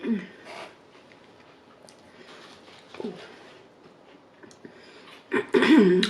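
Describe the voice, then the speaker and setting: A middle-aged woman talks in an unhurried, relaxed drawl between mouthfuls, murmuring quiet sounds of approval as she eats on her vlog. Her voice sits at an ordinary pitch. The room echoes noticeably, and a faint hum of noise runs underneath. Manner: slow, relaxed talk between bites with soft murmurs of approval. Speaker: mukbang vlogger. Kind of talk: casual eating-show chat.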